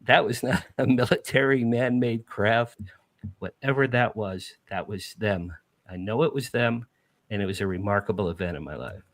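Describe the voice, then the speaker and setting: A middle-aged man from New Jersey, a podcast guest, telling an emotional first-person story with animated, emphatic repetition. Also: lowish voice, normal speed, dry recording.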